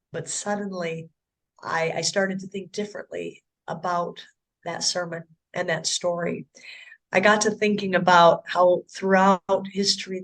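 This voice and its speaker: A woman telling her conversion story in an interview, earnest and emotional, often repeating and restarting her words. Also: fairly low pitch. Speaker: interview guest. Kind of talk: personal conversion testimony.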